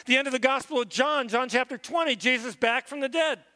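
A man's voice: extremely high pitch, fairly quick, pushed and bright. A man preaching a sermon, reading scripture aloud and then teaching on it in an earnest way, often repeating a word as he restarts. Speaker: pastor. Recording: long reverb of a big room.

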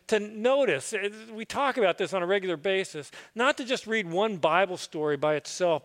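A man's voice: sits high, big-room sound. A man speaking as a pastor, giving a sermon in an earnest, conversational way with easy asides.

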